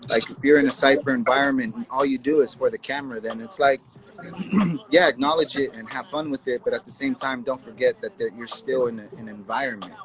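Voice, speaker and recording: A man's voice: medium pitch, steady tone, a little fast, a crowd in the background, low-quality recording. A man talking easygoingly as a guest in a casual chat, often repeating words as he starts his sentences.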